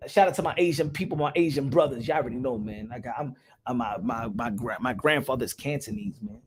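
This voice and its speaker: A man's voice: mid-range voice, a little fast, slightly rough. A man hosting a casual boxing live stream, talking loosely in slang and muttering to himself while he checks who is on.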